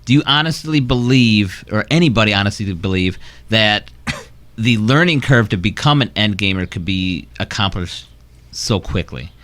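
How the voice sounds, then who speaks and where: A lower-voiced man on a gaming talk show, pushing back with skeptical questions in a steady, casual way. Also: moderate pace.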